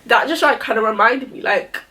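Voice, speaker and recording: A young beauty vlogger chats casually to the camera as she gets ready, rambling and dropping "like" all over the place. Her voice sits on the high side, moves a little fast, and has a sharp tone.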